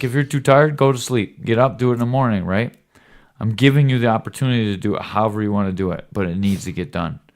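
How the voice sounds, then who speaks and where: Low-voiced dad giving an earnest lecture. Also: male voice. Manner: earnest and rambling, often tagging "right?"; lecturing, occasional cussing. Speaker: podcast host talking with his son. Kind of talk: casual fatherly lecture.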